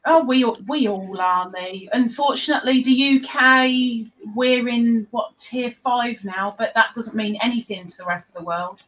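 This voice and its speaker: A chatty woman hosts a casual livestream and teases her guests as she talks. Her voice sits a little on the high side. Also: moderate pace, few pauses, highs cut off. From England. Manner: chatty, animated, teasing. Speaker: livestream host.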